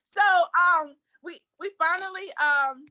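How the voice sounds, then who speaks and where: Podcast host, young woman, high and bright, animated storyteller who acts out quotes. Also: slow. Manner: animated, quotes people in put-on voices. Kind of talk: casual storytelling chat.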